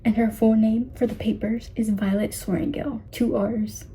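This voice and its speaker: A young woman chatting casually in a reading vlog, gushing as a fan and often dropping to a hushed, whispery voice. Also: on the high side, flat delivery, moderate pace, slightly rough, low-quality recording. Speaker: book vlogger.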